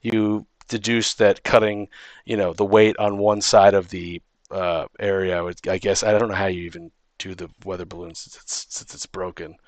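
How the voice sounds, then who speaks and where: A man's voice: deep voice, fairly even intonation, moderate pace, no room sound. A man running a tabletop game as dungeon master, rambling with many restarts and ums.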